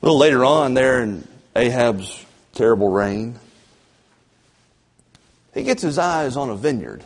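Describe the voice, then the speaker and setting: A man preaching a fervent sermon as pastor, swinging between loud emphasis and low, drawn-out passages. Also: animated. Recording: long church reverb.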